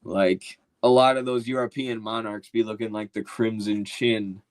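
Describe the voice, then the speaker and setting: A man's voice: on the low side, steady tone, normal speed, low-quality recording. Slangy, mocking male commentator. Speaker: political commentator. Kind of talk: casual opinion commentary.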